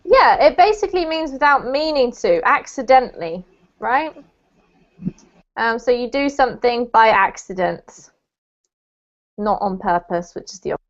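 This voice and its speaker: A woman's voice: a little high, sing-song. Patient woman teaching English on a call. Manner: patient, explains slowly with checking questions. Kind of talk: online language lesson. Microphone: video call. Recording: muffled video-call audio.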